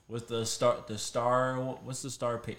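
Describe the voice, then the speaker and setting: Man explaining haltingly on a podcast. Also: medium pitch, level tone, a bit bright. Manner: explains haltingly, with many fillers. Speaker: podcast co-host. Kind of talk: casual chat.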